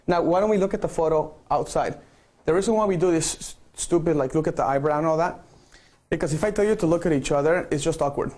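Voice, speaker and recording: Man, slightly high voice, photographer coaching a group, playful and coaxing. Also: fast talker, darkish tone. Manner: playful, coaxing, repeats okay. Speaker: photographer directing a group shoot. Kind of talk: live-streamed instruction.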